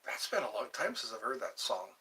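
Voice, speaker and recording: A man's voice: on the low side, wildly swooping pitch, brisk, rough recording. A man from Georgia hosting his own live stream, chatting in a rambling way, jumping between topics and trying out foreign phrases. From Georgia, USA. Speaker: livestream host.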